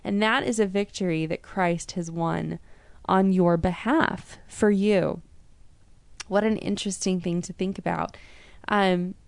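A woman's voice: on the low side, steady tone, measured pace, gravelly, smooth, dry recording. A woman hosting a short devotional, telling a story and drawing a spiritual lesson from it in an earnest, conversational way with frequent restarts. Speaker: devotional podcast host.

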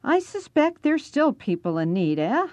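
A woman putting on a raspy, gruff old man. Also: sits high, big pitch swings, normal speed, darkish tone, dry recording, voice pushed up.

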